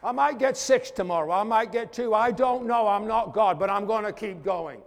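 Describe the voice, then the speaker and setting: A man preaching a sermon as pastor, fervent, calling out to the congregation and swinging from loud declarations to hushed asides. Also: sits high, moderate pace, vocal fry, big-room sound. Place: church.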